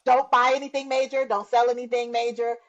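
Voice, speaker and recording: A middle-aged woman appears as a guest to share her personal testimony, telling it in a warm, earnest, conversational way with laughs and acted-out quotes of what people said. Her voice is a little high and flat, her pace brisk, and the recording's highs are cut off.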